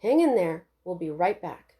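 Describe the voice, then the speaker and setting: A woman voicing a calm, reassuring doctor in a read-aloud novel. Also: lowish voice, moderate pace. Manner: reassuring, professional. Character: calm, slightly nervous delivery doctor.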